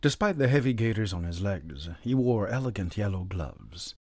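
A male audiobook narrator with a low, husky voice and a lively, varied melody. He reads a classic novel in a measured storytelling manner. The recording is close and dry. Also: no room sound.

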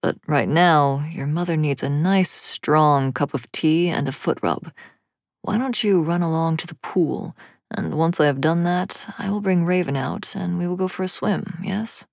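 A woman voicing a tall, affectionate father who speaks in a low, easy, gently amused way in a storybook reading. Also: animated, a little slow, gravelly, no echo, studio quality, exaggerated voice. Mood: fond.

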